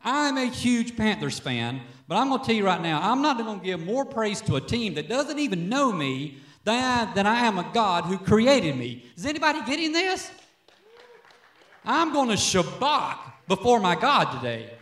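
A man preaching a sermon as pastor from a church stage, an animated, joking storyteller. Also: sits high, moderate pace, roomy sound.

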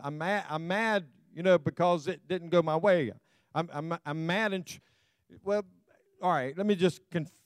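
A middle-aged male pastor delivering a sermon in a conversational, storytelling way, full of self-deprecating humor. His voice sits a bit high for a man. It is recorded close and dry, with almost no room sound. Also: darkish tone, no echo. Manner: addresses the congregation directly.

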